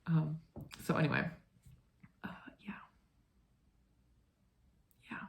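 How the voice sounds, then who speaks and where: A woman's voice: low voice, sing-song, slow pace, creaky, a little hiss or hum. A woman in her twenties hosting a knitting vlog, chatting casually and rambling with lots of fillers and "like". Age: 20s. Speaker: knitting podcast host. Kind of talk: casual chat.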